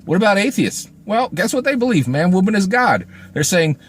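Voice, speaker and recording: This man's voice is high-pitched and fairly quick as he chats through a book review. Emphatic and lively, he dramatizes quoted speech and repeatedly checks in with "right?"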